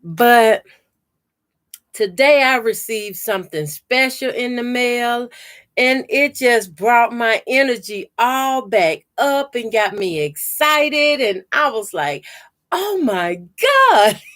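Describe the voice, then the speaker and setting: A woman hosts a home livestream for her quilting channel. She speaks slowly in a slightly raised voice. She chats casually, says "y'all" often and greets each viewer by name as she holds her work up to the camera. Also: fairly high pitch, lively intonation, fairly bright tone. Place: home room by a door.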